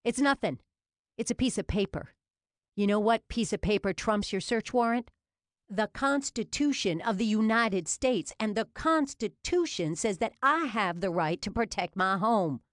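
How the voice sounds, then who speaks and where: Woman playing a defiant wary man, shouting, raised and loud, storybook audiobook. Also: medium pitch, sing-song, normal speed, dry recording, clean studio sound, voice pushed up, natural voice. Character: angry wary middle-aged man defending his home.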